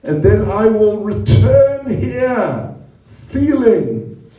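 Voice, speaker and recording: A solemn, hard-working father, as a man puts him on. He speaks very slowly and deliberately in a dark, mellow tone. His voice sounds distant and echoey, as in a large hall. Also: sits high, very animated, voice pushed up, full character voice.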